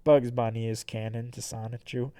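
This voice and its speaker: A streamer reading a comic aloud in a rambling, deadpan way, repeating "and then". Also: medium pitch, moderate pace, no echo. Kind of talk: comedic comic-book read-along.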